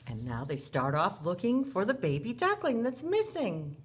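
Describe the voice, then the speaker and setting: A woman teacher reading a picture book aloud to young children in an animated way, gasping and asking them questions. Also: medium pitch, normal speed, slight background noise.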